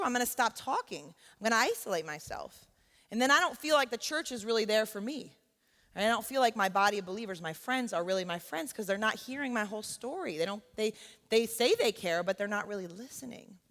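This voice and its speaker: A woman with a fairly high voice gives an earnest, conversational talk at church. She keeps checking in with her listeners as she speaks. Her voice rings with long reverb through the church hall. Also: fairly bright tone. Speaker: college teacher speaking at church. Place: church sanctuary.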